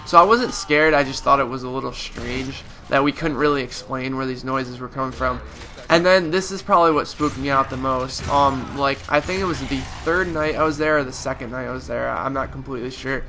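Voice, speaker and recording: A man's voice: mid-range voice, a little fast, sharp tone, a little hiss or hum. A young man with a nasal, stuffed-up voice, rambling casually through a story over gameplay with lots of fillers. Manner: rambling, many fillers and restarts. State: stuffy with a cold. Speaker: gaming YouTuber.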